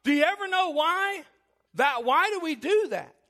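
A man's voice: very high voice, lively intonation, moderate pace, sharp tone, voice pushed up, exaggerated voice. Man putting on a curious young woman. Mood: eager.

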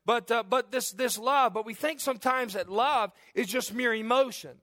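A man's voice: very high-pitched, moderate pace, bright, forceful tone, dry recording. A man in his forties preaching an earnest, conversational sermon in a church, often restarting and repeating phrases. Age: 40s. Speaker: pastor.

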